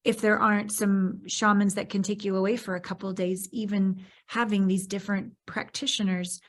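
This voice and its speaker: Woman podcast host, candid, expressive, mid-range voice. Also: medium pitch, moderate pace. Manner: expressive, acts out her own reactions in animated bursts. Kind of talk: candid conversational interview.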